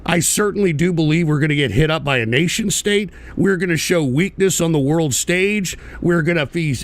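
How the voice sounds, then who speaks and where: A man's voice: fairly high pitch, expressive, normal speed. A man hosting an online political show, ranting bitterly and profanely in a repetitive way. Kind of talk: livestream rant.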